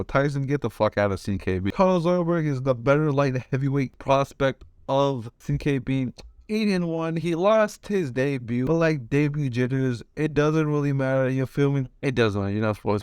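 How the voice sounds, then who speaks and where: A man offers fight predictions in casual chat, rambling in slang, swearing a lot and restarting his sentences. His voice is medium-pitched and clean, with no echo and clean studio sound.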